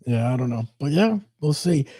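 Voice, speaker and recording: A man's voice: medium pitch, expressive, normal speed, warm tone, slightly rough, no room sound. A male host in a casual chat, reading out viewer comments with short, laid-back replies.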